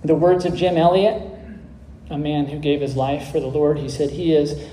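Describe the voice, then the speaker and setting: A man preaching a sermon, telling a story and closing in prayer, earnest and measured, with small restarts. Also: fairly high pitch, warm tone, roomy sound, slight background noise, poor audio.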